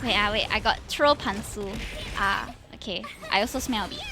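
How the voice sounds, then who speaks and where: Her fairly high voice swings widely in pitch at a slightly slow pace. A Singaporean VTuber with a local English accent, she casually chats on her livestream, laughing often and dropping Singlish particles.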